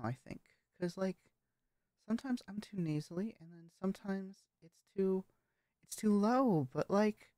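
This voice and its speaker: Slow, halting woman in a dry room. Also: medium pitch, warm tone, dry recording. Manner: hesitant and halting, with frequent swearing. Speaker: vlogger practicing voice training. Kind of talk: casual vlog commentary.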